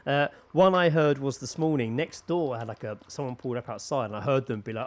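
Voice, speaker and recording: A man co-hosting a podcast in casual chat, animated, laughing a lot and swearing freely. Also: mid-range voice, fast talker. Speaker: podcast co-host.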